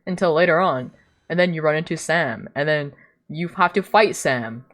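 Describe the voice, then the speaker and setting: A woman's voice: sits low, moderate pace, fairly bright tone. A woman streamer chatting casually while she plays and recaps a story, rambling, sarcastic and swearing often.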